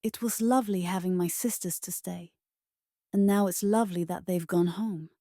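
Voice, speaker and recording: A woman voicing a lonely, excitable young witch in a storybook reading, with a bright, exclamatory manner. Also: fairly low pitch, moderate pace, dry recording, clean studio sound, lightly acted. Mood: thoughtful.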